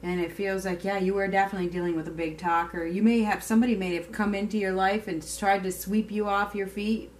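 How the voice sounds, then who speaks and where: A woman's voice: medium pitch, flat delivery, quick pace, hardly any pauses, slight background noise. A woman giving a casual tarot reading to her viewers, chatty and emphatic, now and then swearing. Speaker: tarot reader.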